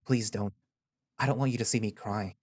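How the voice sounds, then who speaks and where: A man voicing a hurting young male fighter who speaks in a hesitant, halting way in an audio story reading. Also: lowish voice, fairly even intonation, darkish tone, natural voice.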